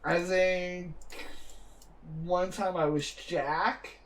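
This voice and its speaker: A man's voice: sits high, steady tone, extremely slow. A young man hosting a gaming video, telling rambling stories in casual chat with plenty of filler words. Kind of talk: casual chat while playing.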